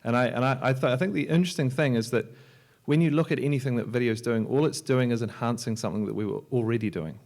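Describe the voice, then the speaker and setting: A man, a software entrepreneur and filmmaker, giving a loose, joking talk on a library panel, with many restarts and fillers. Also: mid-range voice, fast, vocal fry, hardly any pauses. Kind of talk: conference talk. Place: lecture hall at a library.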